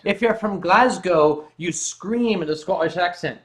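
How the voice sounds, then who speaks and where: A man's voice: high voice, unhurried. A man hosting a casual comedic chat from his sofa at home, joking and reading viewer comments aloud. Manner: joking, reads chat comments aloud, bursts into loud mock shouting. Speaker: host. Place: home living room, on a sofa.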